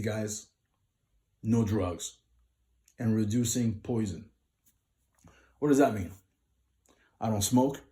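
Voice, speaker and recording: A man's voice: lowish voice, dark tone. A man who is a singer, giving vocal tips to viewers in a casual tutorial vlog and explaining step by step in short numbered lists.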